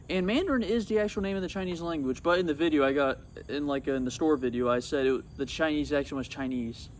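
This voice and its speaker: A young man talking casually about his old video on his phone outdoors, rambling and excitable. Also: mid-range voice, a little hiss or hum. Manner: rambling and excitable, swats at bugs. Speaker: YouTuber. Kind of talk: casual vlog commentary. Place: outdoors among insects.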